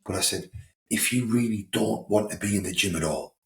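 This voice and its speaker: A man's voice: on the low side, a little fast, gravelly, a bit bright. A man in casual podcast chat, blunt and swearing, often repeating himself. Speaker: podcast co-host. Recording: echoey room, faint noise.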